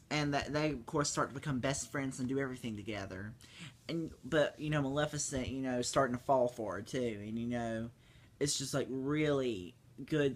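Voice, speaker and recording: Rambling man reviewing a movie. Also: fairly bright tone. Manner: rambling, full of fillers and restarts; breaks into squeaky high voices to mimic characters.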